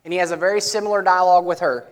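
A male pastor, preaching a sermon in a conversational way that swings from loud emphatic lines to soft, low asides. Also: steady tone, racing.

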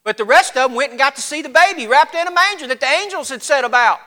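A man preaching a sermon in a folksy, animated storytelling way, his voice getting cracky. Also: very high voice, fast. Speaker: pastor.

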